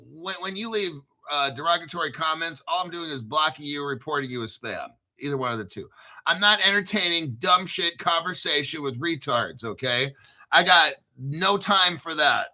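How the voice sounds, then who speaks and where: A man's voice: a little high, lively intonation, normal speed, bright, forceful tone. A man in his fifties hosting a crypto video, ranting casually in a blunt, profane, combative way and repeating himself for emphasis.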